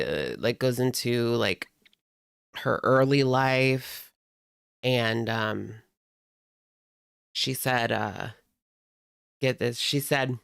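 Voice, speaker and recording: A man in his thirties talks in a loose, rambling way, full of fillers and amused asides. His voice has a gravelly edge but stays smooth and clear. The sound is dry and close, with no room around it. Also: medium pitch, dry recording. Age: 30s. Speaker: host. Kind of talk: casual storytelling to live chat.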